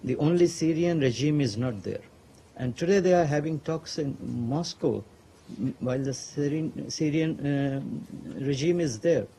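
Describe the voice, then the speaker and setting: Mellow male reporter, rambling questions. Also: fairly high pitch, normal speed, a little hiss or hum, low-quality recording. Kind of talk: press briefing question.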